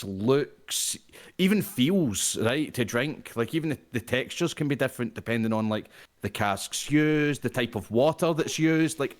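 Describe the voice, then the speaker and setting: A man with a Scottish accent, a player chatting casually at a tabletop game and ranting with plenty of profanity. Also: mid-range voice. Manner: profane, animated ranting with laughter.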